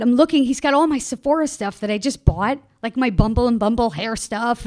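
A woman telling a personal travel story in an animated way, laughing and acting out the people she quotes. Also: on the high side, a little fast, few pauses.

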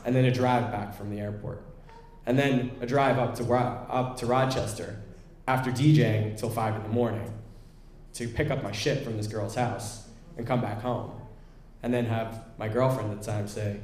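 A man's voice: medium pitch, steady tone, normal speed, a little mellow, echoey room, slight background noise. A young man candidly telling a self-deprecating personal story, acting out what people said.

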